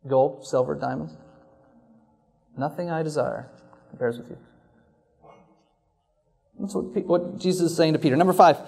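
High-voiced man preaching earnestly. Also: normal speed, vocal fry, long pauses, darkish tone. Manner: earnest, reflective preaching with emphatic repetition. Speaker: pastor. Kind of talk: sermon.

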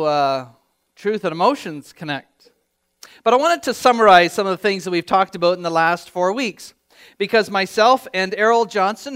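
Pastor with a high, clear voice. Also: male voice, a bit bright. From Canada. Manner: conversational, with restarts and direct questions to the congregation. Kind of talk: sermon.

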